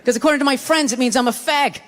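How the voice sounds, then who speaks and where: A man's voice: extremely high pitch, fast, a bit bright, long reverb tail. Ranting profane male stand-up comic. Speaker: stand-up comedian. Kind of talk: stand-up routine. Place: comedy stage with a live audience.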